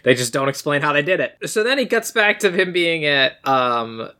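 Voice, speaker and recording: A young man chats through a movie recap on a casual podcast. His voice is bright and forceful and sits a little high. He keeps the story moving and slips into quick voices for the characters. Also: smooth. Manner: animated retelling, quoting characters in quick voices. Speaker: podcast co-host.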